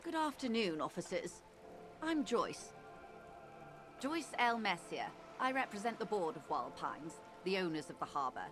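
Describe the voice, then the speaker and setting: An actress voicing a poised, refined harbour representative in a video game, polite and composed. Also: female voice, mid-range voice, big pitch swings, unhurried, music in the background.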